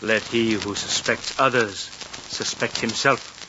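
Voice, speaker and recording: A man's voice: on the low side, fairly even intonation, measured pace, noisy background, lightly acted. A man playing a greedy, pompous village mayor. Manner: pompous, knowing, formal speech. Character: greedy, sly village mayor obsessed with taxes. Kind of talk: old radio drama acting. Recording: dull lo-fi old radio recording.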